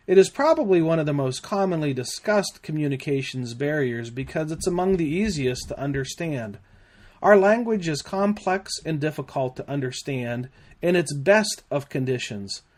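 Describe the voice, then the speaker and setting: A man narrating a scripted safety lesson in a measured, deliberate way. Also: a little high. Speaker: safety trainer.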